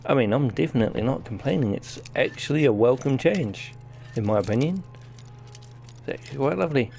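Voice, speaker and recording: A gaming streamer with a New Zealand accent gives casual commentary while playing, chatting to viewers as he goes. His voice is medium-pitched, animated and a little mellow, fairly quick, with vocal fry. Soft music plays in the background.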